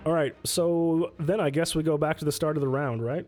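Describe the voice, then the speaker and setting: A man's voice: fairly high pitch, fairly even intonation, a little fast, a little mellow, faint music behind. A man casually playing through a solo tabletop game on stream, reading rules aloud, answering chat and laughing often. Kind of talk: casual livestream play-through.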